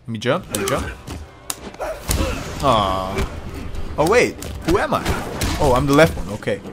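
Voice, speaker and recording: A man giving casual, excitable, profane commentary while playing online ranked fighting-game matches. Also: mid-range voice, unhurried, noisy background. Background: fighting game music and sound effects.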